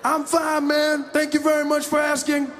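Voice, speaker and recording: A man's voice: very high voice, completely flat delivery, moderate pace, over music, crowd noise, pitched above the performer's own voice. A man playing a stubborn barricaded suspect who refuses to come out. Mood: defiant. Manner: shouting, stubborn. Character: defiant barricaded male suspect.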